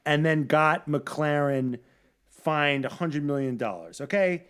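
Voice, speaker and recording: Male podcast co-host with a higher voice, animated and profane in his rants. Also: takes it slowly, clean tone. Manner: animated, swearing, mocking impressions. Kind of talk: casual chat.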